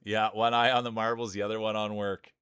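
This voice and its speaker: A man's voice: on the low side, flat delivery, a little fast, a bit bright, clear, resonant tone, no room sound, clean studio sound. A man hosting a live stream, calling marble races with playful jokes and hype. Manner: playful, joking, hype-building. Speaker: streamer and race commentator.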